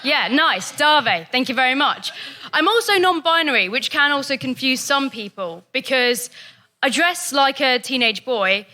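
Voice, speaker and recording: A stand-up comic working the crowd in a dry, conversational way on a comedy club stage. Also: female voice, high-pitched, lively intonation, unhurried, pushed and bright. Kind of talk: stand-up routine.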